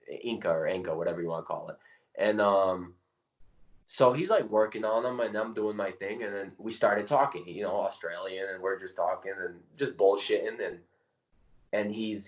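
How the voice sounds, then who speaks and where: Rambling low-voiced man, lo-fi podcast. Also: reverberant. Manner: rambling, excitable storyteller. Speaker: podcast co-host. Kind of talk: casual chat. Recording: dull lo-fi sound.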